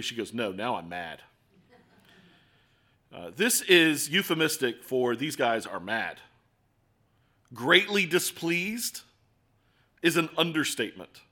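A middle-aged man preaching a sermon, asking rhetorical questions and moving between quiet asides and emphatic points. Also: mid-range voice. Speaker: pastor.

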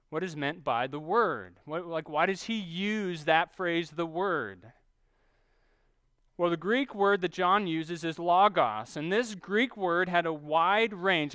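A man preaching a sermon, teaching steadily and slowing down to stress key phrases. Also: fairly high pitch, a bit bright, smooth, no echo. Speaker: pastor.

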